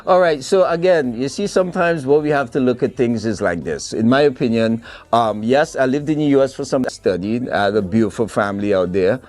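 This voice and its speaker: A man's voice: medium pitch, lively intonation, brisk, hardly any pauses, a little mellow, no room sound. A man in his fifties from Trinidad with a Trinidadian accent touched by an American twang, chatting as a soca artist guest in an upbeat, boastful way. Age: 50s. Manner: upbeat and boastful, laughs easily. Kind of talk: casual interview chat.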